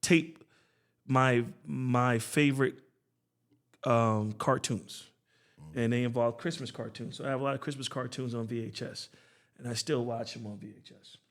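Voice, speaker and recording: A man's voice: medium pitch, fairly even intonation, normal speed. A man co-hosting a podcast in casual chat, rambling and playful, often repeating and restarting his words. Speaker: podcast co-host.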